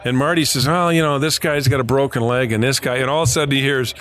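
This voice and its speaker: Middle-aged ex-sportswriter, mid-pitched, rambling storyteller. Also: male voice, steady tone, fast, fairly bright tone. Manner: rambling anecdotes with laughs and quoted voices. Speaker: former sportswriter. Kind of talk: casual storytelling chat.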